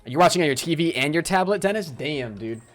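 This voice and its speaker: A man's voice: a little high, faint music behind. Chatty male game streamer. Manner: lively, talks straight to chat, quick apologies. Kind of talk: live gameplay commentary and chat shout-outs.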